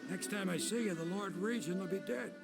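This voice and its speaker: An actor playing a gruff, weathered, loyal boatman in a video game. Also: sits high, brisk. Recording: game audio over loud music.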